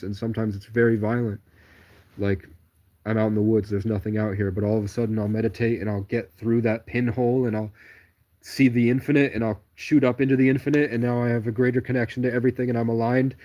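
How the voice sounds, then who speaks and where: A man's voice: fairly low pitch, dark tone, muffled recording. A man talking alone on a livestream, telling digressive stories in a stream-of-consciousness ramble. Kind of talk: rambling solo livestream monologue.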